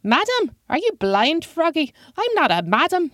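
A woman voicing a wild-eyed, touchy old man with a high-pitched voice and indignant outbursts. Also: big pitch swings, a little slow, loud music behind the voice, heavily acted. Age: older.

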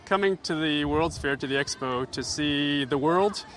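A man's voice: on the high side, moderate pace, fairly bright tone, slight background noise. A man reporting on location from outdoors at a busy expo for the radio, giving wry, analytical commentary.

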